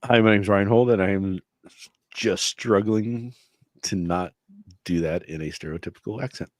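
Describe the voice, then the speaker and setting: A man with a deep voice co-hosts a loose podcast chat, circling his points with many restarts and chuckles. His voice sits close to the mic in a dry, dead space. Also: moderate pace, a little mellow, no echo. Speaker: co-host. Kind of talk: casual podcast banter.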